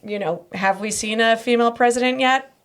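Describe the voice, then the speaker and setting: A woman's voice: on the high side, a little fast, smooth. A woman co-hosting a podcast, talking in an earnest, emphatic way in casual chat. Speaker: podcast co-host.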